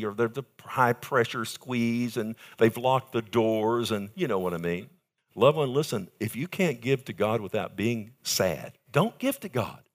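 An older male pastor preaching a sermon, moving between soft, intimate asides and raised, emphatic lines. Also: mid-range voice.

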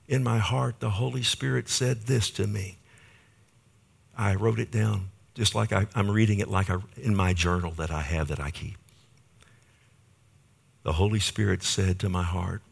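Man preaching with hushed dramatic drops. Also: fairly low pitch, creaky, husky. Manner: animated, swings from loud bursts to hushed near-whispers. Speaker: pastor. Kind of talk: sermon storytelling.

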